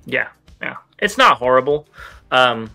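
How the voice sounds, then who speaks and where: A man co-hosting a casual toy news show, running through items with quick, relaxed asides. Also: medium pitch, creaky, soft background music. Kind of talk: casual chat.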